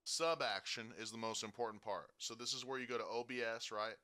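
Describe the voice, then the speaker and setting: A man giving a casual software tutorial, talking through each step and checking in with frequent "okay?" and "right?". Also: medium pitch, fairly even intonation, a little fast. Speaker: streaming tutorial host.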